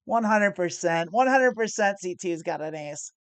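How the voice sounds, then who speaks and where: A woman's voice: on the low side, animated, moderate pace, clean tone, no room sound. An American woman streaming online poker, talking casually as she plays and explains her moves, chatty and self-mocking, laughing often and swearing lightly. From United States. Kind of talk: live-stream gameplay commentary.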